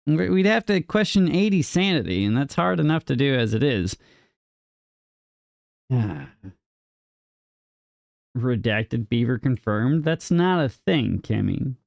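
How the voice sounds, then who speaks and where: A man's voice: mid-range voice, sing-song, takes it slowly, pauses often, no echo, clean studio sound. A young man live-streaming a game, chatting casually with his viewers and teasing them in a playful, mock-indignant way, his voice jumping up on questions. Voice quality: gravelly. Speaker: livestreamer. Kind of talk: casual live-stream chat, reading and answering chat.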